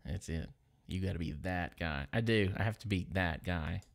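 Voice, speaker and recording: A man's voice: low voice, normal speed, gravelly. A man from Louisiana with a Southern accent, chatting casually on a livestream and reading viewer comments aloud. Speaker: livestream gospel singer.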